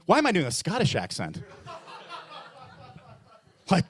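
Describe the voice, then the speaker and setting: A man's voice: sits high, very animated, normal speed, a bit bright. A man doing a self-mocking stand-up set at an open mic, acting out his own inner dialogues. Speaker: stand-up comedian and emcee. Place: small bar stage at an open mic.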